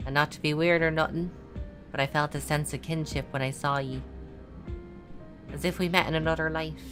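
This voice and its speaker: A woman reading game lines aloud as a sleepless, gruff working man, putting on a British regional accent in a blunt, colloquial manner. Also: low-pitched, fairly even intonation, brisk, fairly bright tone, soft background music. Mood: gruff, weary. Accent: put-on British regional.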